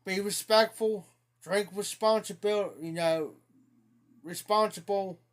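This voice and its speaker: A man's voice: high-pitched, fairly even intonation, slow. A man casually telling a rambling, folksy story on a live stream, laughing at his own tale.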